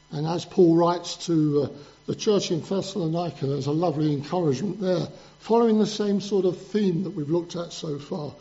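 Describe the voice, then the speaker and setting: A man's voice: fairly high pitch, normal speed, dark tone, muffled recording. A man preaching a sermon in an earnest, emphatic manner, building up lists of points and telling a story to the congregation.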